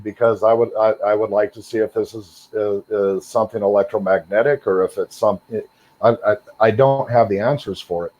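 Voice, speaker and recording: A man's voice: fairly low pitch, fairly even intonation, moderate pace, a little mellow. A middle-aged man, a guest on a call, telling his story casually and rambling, with lots of fillers and repeated words. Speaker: guest sharing encounters.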